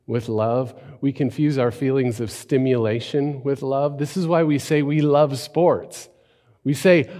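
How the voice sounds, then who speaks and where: A man preaching a sermon, telling a story and then building to emphatic, animated points. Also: medium pitch, long reverb tail. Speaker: pastor.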